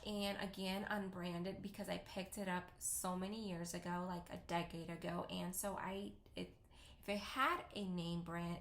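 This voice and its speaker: A woman's voice: mid-range voice, fairly bright tone. A woman in her thirties, a native Spanish speaker with a Spanish accent, chatting and rambling casually through a makeup tutorial into her camera at home. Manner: chatty, rambling, self-deprecating. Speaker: vlogger. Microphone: camera mic. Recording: roomy echo.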